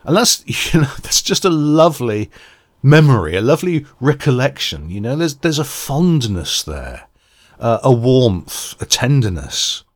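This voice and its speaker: A man's voice: medium pitch, sing-song, measured pace. A man giving a reflective, earnest radio album review and searching for words as he goes. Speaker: music reviewer.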